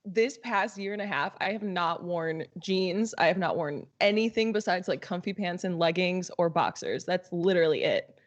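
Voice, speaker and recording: A woman's voice: on the low side, moderate pace, hardly any pauses, muffled recording. Laid-back young woman panelist. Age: young adult. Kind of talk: casual chat.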